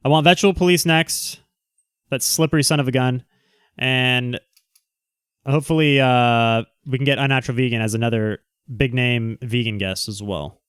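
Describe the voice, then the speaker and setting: A man hosting a casual livestream, talking loosely and jumping between asides to the people watching. His voice comes across smooth and resonant. The sound is close and dry, with no room around it. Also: medium pitch, fairly even intonation, fairly bright tone, no echo. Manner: rambling, quick asides to viewers. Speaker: livestream host.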